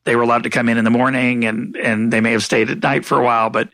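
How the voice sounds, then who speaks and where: A man interviewing an author, asking thoughtful questions in a halting way with frequent restarts. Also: mid-range voice, level tone, a bit bright, dry recording. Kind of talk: conversational interview.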